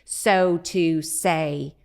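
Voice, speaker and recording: Older lady, low gravelly voice, talks slow and calm about parenting. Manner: calm, measured, unhurried advice. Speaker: parenting expert guest. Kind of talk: casual podcast chat.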